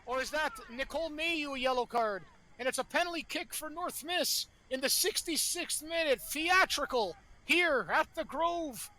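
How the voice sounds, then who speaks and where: Excitable high-voiced male sports commentator. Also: unhurried, slight background noise. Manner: excitable, rising to shouts at big chances; uses colorful catchphrases. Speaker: play-by-play commentator.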